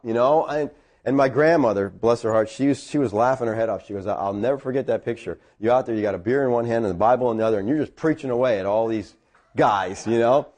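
This middle-aged pastor talks quickly as he tells a personal story from the pulpit, and his pitch shoots up as he grows excited.

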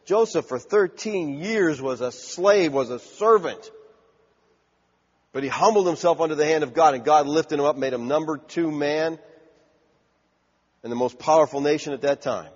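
A man's voice: fairly high pitch, moderate pace, breathy edge. Emphatic male preacher in a reverberant hall. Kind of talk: sermon. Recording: dull lo-fi, long hall reverb.

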